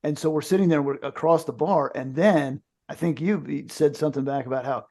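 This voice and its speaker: A man's voice: on the high side, a little fast, darkish tone. A man from the United States, a podcast co-host, telling a jokey story in casual chat.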